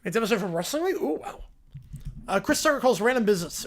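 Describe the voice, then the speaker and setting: A man's voice: high voice, big pitch swings, fast, slight background noise. A man hosting a livestream, reacting aloud in casual chat and thanking viewers. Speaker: livestream host.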